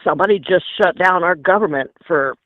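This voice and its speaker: A man calling in to a political talk show, hesitant with many pauses and ums. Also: high voice, no room sound. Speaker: caller. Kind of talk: phoned-in chat on a talk show. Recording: tinny phone line.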